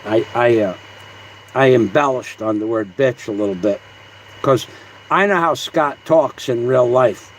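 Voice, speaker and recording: A man's voice: medium pitch, measured pace, slight background noise, poor audio. A man hosting a casual livestream, rambling and combative as he reads viewer comments aloud. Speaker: livestream host.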